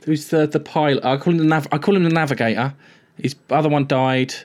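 A man talks through a TV episode with a friend, his voice sitting a little high. He rambles, backtracks and swears freely as he retells the plot. The tone is loose, unscripted chat. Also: brisk, darkish tone. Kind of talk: casual TV recap chat.

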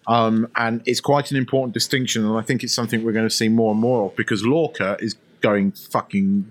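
A man's voice: on the low side, fairly even intonation, fairly quick. A man in casual conversation who comments on a TV show thoughtfully, often repeating words and swearing now and then. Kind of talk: casual TV recap chat.

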